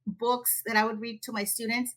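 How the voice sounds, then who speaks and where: A woman guest educator giving an energetic, animated webinar presentation. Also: a little high, normal speed. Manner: energetic, animated teacher talk. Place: Texas.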